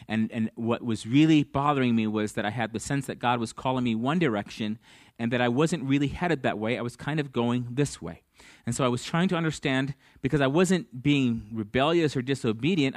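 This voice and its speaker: A pastor with a medium-pitched voice preaches a sermon through storytelling, acting out the dialogue of the people involved. The recording is dry and of studio quality.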